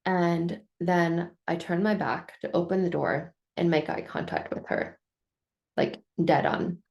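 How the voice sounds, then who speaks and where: Middle-aged woman, lowish voice, earnest storyteller who repeats phrases for emphasis. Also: measured pace, gravelly, darkish tone. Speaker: vlogger telling a life lesson. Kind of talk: reflective personal storytelling.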